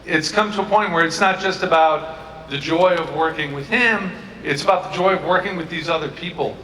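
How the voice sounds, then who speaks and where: Sincere, halting man in an echoey hall. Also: fairly high pitch, bright, forceful tone. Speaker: actor on a convention panel. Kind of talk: panel talk. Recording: echoey hall recorded from far off, crowd noise.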